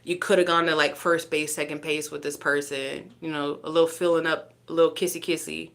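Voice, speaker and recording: A woman's voice: low-pitched, level tone, fairly quick, creaky, a bit bright. A woman reading tarot live, chatty and teasing, often laughing between cards. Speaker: tarot reader.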